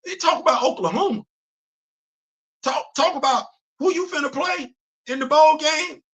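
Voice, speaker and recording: A man hosting a comedic live-stream commentary, talking in an animated, teasing, emphatic way. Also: extremely high pitch, moderate pace. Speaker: host.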